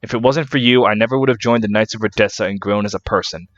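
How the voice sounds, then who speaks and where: A man's voice: fairly low pitch, fast, a bit bright, no echo, dull audio, natural voice. A man reading an earnest young woman knight. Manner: formal and sincere.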